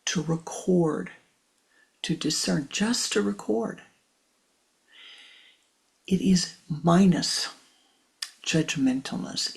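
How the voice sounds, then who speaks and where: A woman spiritual teacher giving a slow guided teaching in a soft, measured voice that often drops to a hushed whisper. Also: on the low side, vocal fry, slightly rough.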